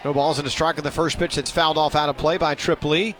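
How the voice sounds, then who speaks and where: A man's voice: on the high side, steady tone, fast, fairly bright tone. A man calling a baseball game play-by-play, chatty and self-deprecating, lifting his voice on big plays. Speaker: play-by-play announcer.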